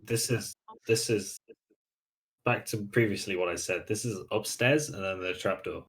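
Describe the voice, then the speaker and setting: A man playing a tabletop role-playing game, making dry, deadpan remarks and calling out his dice rolls. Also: lowish voice, moderate pace. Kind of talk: casual tabletop role-play chat.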